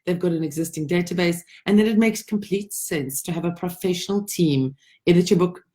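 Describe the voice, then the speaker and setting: A woman's voice: fairly low pitch, fairly quick, dark tone. A woman working as a writing coach, giving informal advice to writers in a conversational, emphatic way, sometimes restarting her phrases.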